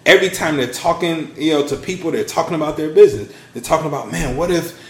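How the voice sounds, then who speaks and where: A man in his thirties, a podcast guest telling his story in a casual, animated way. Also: quick pace, reverberant. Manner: animated storyteller, acts out quotes with big pitch swings. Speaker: podcast guest, launch strategist.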